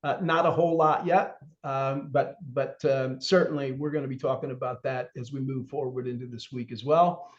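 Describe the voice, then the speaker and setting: A man's voice: medium pitch, steady tone, moderate pace, hardly any pauses, lo-fi sound. A man leading an online corrections training session, talking through the objectives in a conversational way with lots of fillers.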